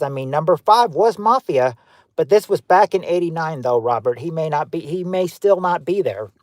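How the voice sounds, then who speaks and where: A fairly high-pitched man with a darkish tone hosts a game show on a livestream, on a dry recording. Offhand and chatty, he calls out viewers' guesses and names, frequently using fillers and restarting sentences.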